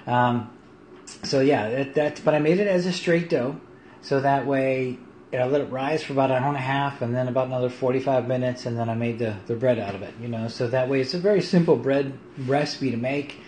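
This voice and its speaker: A middle-aged man chatting casually on a home livestream, lively and quick to laugh. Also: mid-range voice. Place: home kitchen. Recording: echoey room, faint hiss.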